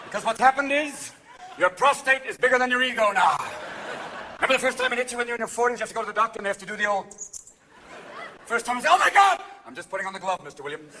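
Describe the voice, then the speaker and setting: High-voiced man in his fifties doing stand-up. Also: pushed and bright, a little hiss or hum. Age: 50s. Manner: rapid-fire, jumping into character voices. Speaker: stand-up comedian. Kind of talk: live stand-up routine. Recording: live show recording with room ambience.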